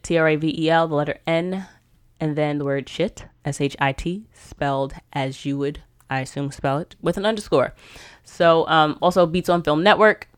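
A woman's voice: sits low, clean tone. A woman hosting a podcast, chatting casually, rambling and laughing often. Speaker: podcast host.

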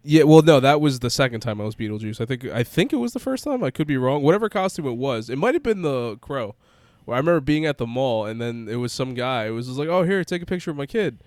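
A man's voice: medium pitch, animated, fast, few pauses, darkish tone, dry recording. A young man in casual chat, telling rambling stories and laughing easily. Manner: rambling storyteller, laughs easily, mimics people in quotes.

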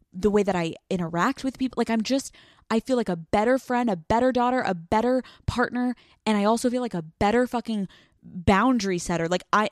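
A woman in her thirties rants on her own podcast, candid and self-mocking, swearing freely and stumbling through fillers. Her voice sits at an average pitch and is recorded close and dry, with no room sound. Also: dry recording. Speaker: podcast host. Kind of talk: casual solo podcast rant.

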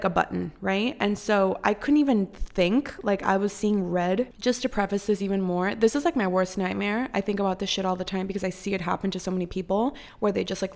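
A woman's voice: medium pitch, creaky, darkish tone. A young woman telling a rambling, casual storytime, full of filler words and swearing. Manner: chatty, heavy "like" filler, frequent swearing. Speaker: content creator.

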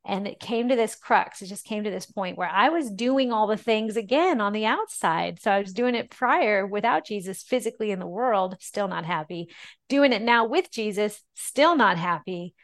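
A woman's voice: mid-range voice, animated. A middle-aged woman, a podcast guest, telling her faith story in an earnest, emotional way. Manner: earnest and emotional, often slowing down and softening. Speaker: podcast guest, ministry founder. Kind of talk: personal testimony in a podcast interview.

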